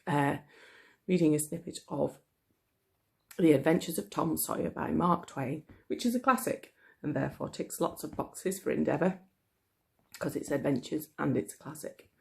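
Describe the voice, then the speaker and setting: Hoarse, gravelly teacher reading aloud. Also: medium pitch, moderate pace. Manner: chatty and apologetic, coughing. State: hoarse, frog in the throat. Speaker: primary school teacher. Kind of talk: casual reading aloud for pupils online.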